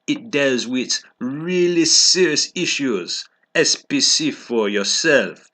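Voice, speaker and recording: A man's voice: mid-range voice, animated, slow pace, pushed and bright, pitched above the performer's own voice. A man voicing a petulant teenage girl who writes fan fiction, speaking in a snippy way.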